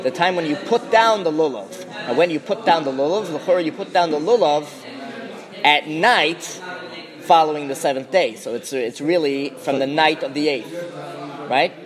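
A man's voice: on the high side, a bit bright. A man teaching a Talmud class, explaining as he goes with many restarts and Hebrew and Aramaic terms.

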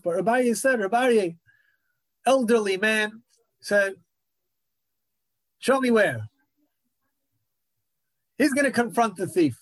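Earnest high-voiced man teaching Torah. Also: dry recording. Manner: earnest, repeats phrases for emphasis. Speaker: rabbi teaching a class. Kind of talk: Torah lecture.

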